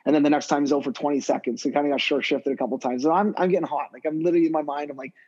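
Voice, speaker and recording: A man, a guest hockey skill development coach, talking casually on a podcast in a rambling, animated way full of fillers and restarts. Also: fairly high pitch, racing, husky, lo-fi sound.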